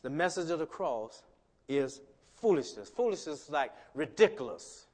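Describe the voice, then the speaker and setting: A man preaching a sermon as pastor, conversational with restarts, swinging from quiet asides to loud emphatic lines. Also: a little high, sing-song, normal speed. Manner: conversational, many restarts and "you know". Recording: long hall reverb.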